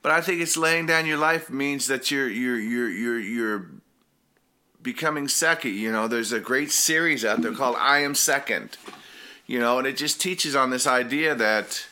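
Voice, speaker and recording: A man's voice: mid-range voice, normal speed, bright, forceful tone. A man giving an informal Bible teaching, earnest and rambling, often restarting his sentences. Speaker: preacher.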